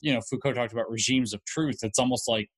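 A man appearing as a podcast guest, explaining ideas in a measured, casual way. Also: medium pitch, breathy edge, dry recording. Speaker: guest author.

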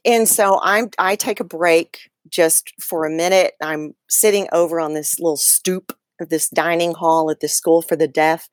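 A woman with a lower voice talks through a personal story as an interview guest. She is animated and keeps restarting her sentences with ums and likes. The recording is close and dry. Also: no room sound. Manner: animated retelling with many fillers and restarts. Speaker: guest author.

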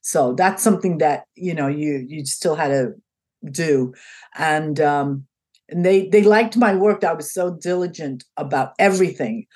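Her husky voice sits low and moves a little slowly as this older woman, interviewed as a guest, shares a story casually. She brings it to life, acting out each speaker's lines in shifting voices.

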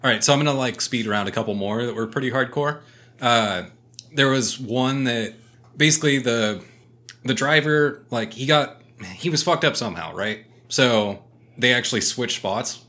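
A man chatting casually on a podcast, telling a story with lots of swearing and loud acted-out quotes. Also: medium pitch, normal speed. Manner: animated storyteller, swears freely, acts out quotes loudly. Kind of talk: casual chat.

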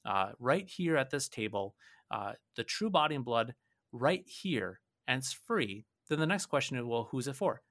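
A man's voice: mid-range voice, very animated, normal speed, fairly bright tone, no room sound. Earnest pastor man, dry close sound. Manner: earnest, repeats words while thinking, mimics voices in anecdotes. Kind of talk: conversational podcast discussion.

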